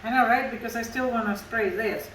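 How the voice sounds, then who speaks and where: A woman's voice: fairly high pitch, a little fast, a bit bright, echoey room, a little hiss or hum, rough recording. Chatty Russian-accented woman cooking. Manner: chatty, explaining step by step with broken English. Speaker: cooking show host. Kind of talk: home cooking demonstration. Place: home kitchen.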